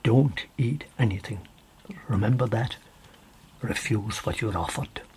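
A man voicing a young woman who gives a hushed, urgent warning in whispered role-play. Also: lowish voice, measured pace, a little hiss or hum, pitched below the performer's own voice, natural voice.

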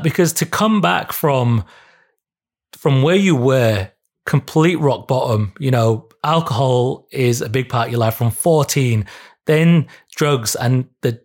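A man in his middle register hosts a conversation. He sums up his guest's experience in a reflective way, then asks long, winding questions about how the guest turned things around. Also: mid-range voice. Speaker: podcast host. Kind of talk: interviewing.

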